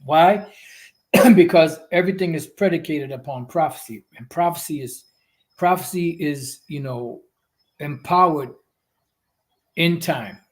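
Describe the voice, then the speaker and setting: Rambling man preaching, high-ish voice. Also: unhurried, long pauses. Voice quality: frequent restarts and "you know" fillers. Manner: rambling, repetitive, profane asides. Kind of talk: livestream religious teaching.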